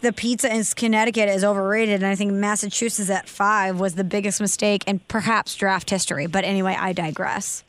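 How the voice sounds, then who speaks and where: A woman co-hosting a podcast in casual chat, playful and animated, reading out listener reviews. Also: medium pitch, fairly quick, few pauses. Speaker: podcast co-host.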